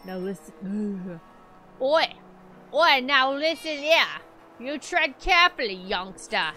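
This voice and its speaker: Girl putting on a gruff old-timey village guy, folksy drawl, lower than her usual, scolding strangers. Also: a little slow, soft background music, close to an everyday voice. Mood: stern. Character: stern rustic male villager warning a stranger. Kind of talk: voicing game characters on stream.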